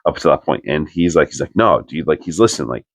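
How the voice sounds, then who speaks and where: Deep-voiced man telling a rambling story. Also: animated, fast talker, no room sound. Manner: rambling, full of "like" fillers, earnest. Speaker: podcast co-host. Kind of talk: casual personal storytelling.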